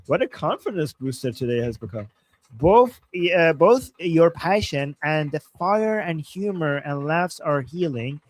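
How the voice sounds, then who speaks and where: A man's voice: fairly high pitch, expressive, a little slow, no room sound. A man co-hosting a live political stream, weighing ideas carefully and reading viewer messages aloud. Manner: thoughtful, hedging, reads messages aloud. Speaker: co-host reading viewer super chats.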